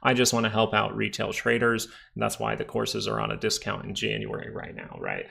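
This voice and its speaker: A stock market livestream host with a lowish, creaky, sharp-toned voice talks fairly quickly and expressively. He chats casually while explaining charts and reading viewer chat, answering questions and often tacking on "right?"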